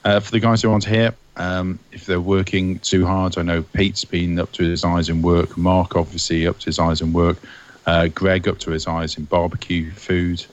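Deep-voiced man with a worn voice. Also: muffled recording. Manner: relaxed, halting, with many fillers. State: voice a bit worn. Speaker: podcast guest.

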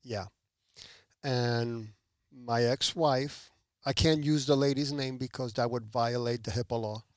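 A man's voice: mid-range voice, unhurried, dry recording, clean studio sound. A man from Puerto Rico, a podcast guest, telling a testimony with animation and acting out the people in it. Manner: animated, acts out quoted people. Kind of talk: testimony storytelling.

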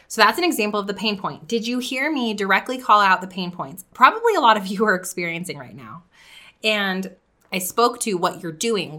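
A woman podcast coach teaching in an upbeat, chatty way and shifting her tone to demonstrate pitches. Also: pushed and bright. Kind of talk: teaching video with example pitches.

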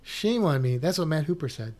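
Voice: mid-range voice, animated, brisk, a little mellow. A science educator chatting casually, thinking aloud with restarts and a skeptical tone. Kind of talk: casual chat reacting to a show lineup.

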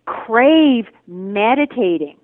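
A woman meditation teacher talks in a thoughtful, searching way, pausing often to find her words. Her voice comes over a tinny, narrow, phone-like line that sounds dry and close. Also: fairly high pitch, animated, no room sound. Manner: thoughtful, searching, with many "um" and "uh" pauses. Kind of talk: reflective spiritual interview talk. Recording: phone-like remote call audio.

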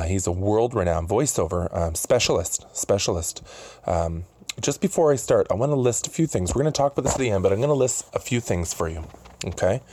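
A man's voice: lowish voice, a little mellow, dry recording. A man hosting a podcast interview, rambling and chuckling between restarts. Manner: rambling, full of fillers and chuckles. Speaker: podcast host. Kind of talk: casual interview chat. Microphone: studio booth mic.

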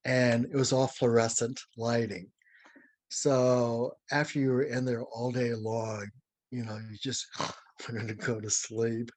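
A man's voice: medium pitch, takes it slowly, dry recording. Older man, dry close voice, telling stories. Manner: lively, dramatic storyteller. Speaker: interview guest, former ballet dancer. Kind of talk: anecdotal storytelling.

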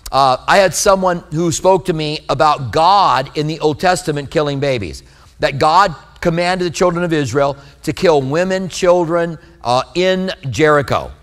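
A man's voice: fairly high pitch, moderate pace, fairly bright tone. A man preaching a sermon as a pastor, reading scripture and explaining it in an earnest, conversational way.

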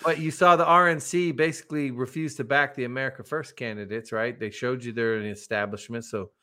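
A man's voice: mid-range voice, fairly even intonation, fairly quick, sharp tone. A man co-hosting a podcast in a casual chat, joking and laughing often. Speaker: podcast co-host.

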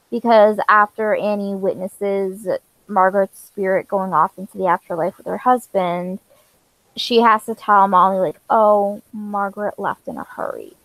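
A woman's voice: medium pitch, no room sound, low-quality recording. A woman co-hosting a podcast, talking earnestly about what bothers her in a story. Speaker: podcast co-host. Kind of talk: casual chat.

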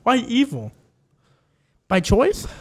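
High, lively-voiced man teasing his friend. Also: husky. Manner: teasing, laughs often, quick bursts when worked up. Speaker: podcast co-host. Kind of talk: casual chat.

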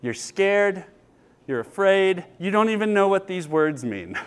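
Thirties male pastor, high voice, earnest and animated in a sermon. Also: a little slow, smooth. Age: 30s. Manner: earnest, storytelling, lively with laughter. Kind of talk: sermon with personal stories.

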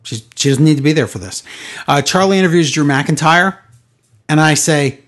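A man's voice: a little high, expressive, moderate pace, a bit bright, husky. A man hosting a casual wrestling podcast, giving sarcastic recaps with mocking impressions. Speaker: podcast host.

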